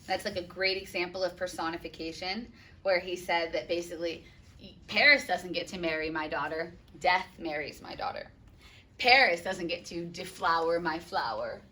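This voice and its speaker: A woman's voice: lowish voice, sharp tone, distant mic. A woman teacher explaining a play in a casual, chatty way. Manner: chatty, lots of "right?" and "like".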